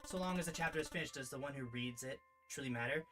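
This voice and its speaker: A man's voice: mid-range voice, faint music behind, natural voice. Man reading a courteous, formal companion. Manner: formal, measured, gently encouraging.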